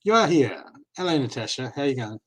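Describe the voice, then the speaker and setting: A man's voice: mid-range voice, big pitch swings, a little fast, fairly bright tone, slight background noise, rough recording. An Australian man giving live card readings, talking casually and reassuringly, often checking in with "okay?". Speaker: card reader.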